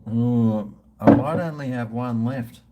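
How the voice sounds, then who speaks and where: A man's voice: medium pitch, flat delivery, slow, very noisy. A man, chatting casually and profanely with his livestream viewers in a rambling way. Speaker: livestream host.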